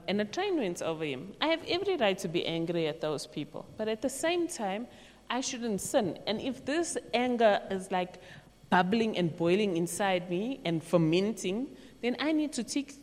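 A woman leading a youth group, talking through faith in a casual, animated way and acting out quotes as she goes. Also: medium pitch. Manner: chatty, animated, acts out quotes and laughs. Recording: long echo in a large hall.

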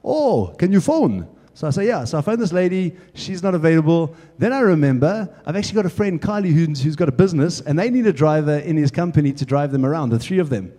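Chatty preacher in a hall. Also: male voice, fairly high pitch, quick pace, hardly any pauses, mellow. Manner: casual, chatty anecdote-telling. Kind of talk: sermon storytelling. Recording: echoey hall.

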